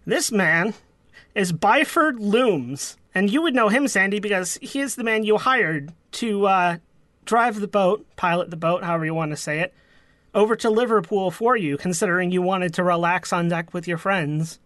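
A man narrating a tabletop horror game as game master, in a measured, descriptive way. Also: high-pitched, a bit bright, no room sound.

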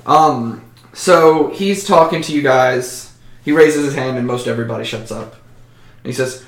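A man's voice: medium pitch, normal speed, fairly bright tone, echoey room. A man narrating a tabletop role-playing game as game master, casually and with frequent ums.

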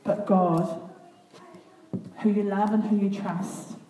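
A woman reading a children's Bible story aloud to a group, with earnest, expressive comments between passages. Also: medium pitch, slow. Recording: echoey room, far from the mic, faint noise.

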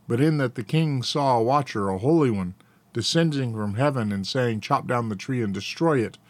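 A man reading scripture aloud in a steady, plain way, now and then correcting a slipped word. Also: medium pitch, normal speed, no echo. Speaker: scripture reader.

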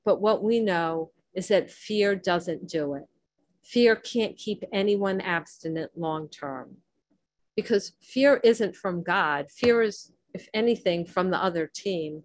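A woman's voice: mid-range voice, no echo. Earnest woman teaching recovery steps. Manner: earnest, conversational, with sarcastic asides and acted quotes. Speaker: recovery podcast host. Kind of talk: teaching talk on a recovery text.

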